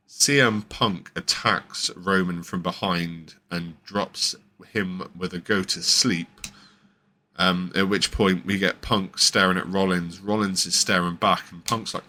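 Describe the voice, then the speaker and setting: A man's voice: low voice, fairly even intonation, measured pace, bright, forceful tone, a little hiss or hum. A male podcast host giving a casual, rambling recap with many fillers and restarts. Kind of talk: casual wrestling show recap.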